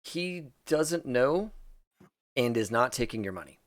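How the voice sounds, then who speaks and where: A man's voice: medium pitch, lively intonation, a little slow, no echo. A man narrating a tabletop game as game master, loose and full of fillers.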